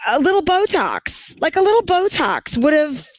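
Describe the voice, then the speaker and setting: Lively woman co-host, gushing, dry close mic. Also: high voice, no room sound. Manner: animated, gushing, quick asides. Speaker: podcast co-host. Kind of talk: casual pop-culture chat.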